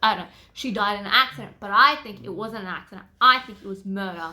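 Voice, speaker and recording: A young woman chatting casually as she recaps a novel, gushing and excitable, now and then breaking into loud squeals. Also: medium pitch, fast talker, a little hiss or hum. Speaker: book vlogger.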